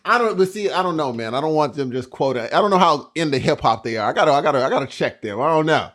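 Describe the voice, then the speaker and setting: A middle-aged man co-hosts a casual podcast. His voice sits a little high and swings widely in pitch. He tells stories in quick, animated bursts. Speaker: podcast co-host. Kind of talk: casual chat.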